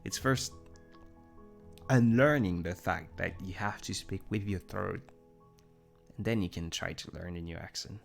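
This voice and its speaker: A man's voice: sits low, a little slow, gravelly, long pauses, soft background music. A young man with a French accent, chatting casually on a live stream, rambling and self-deprecating as he answers viewer comments. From Germany. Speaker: livestream host.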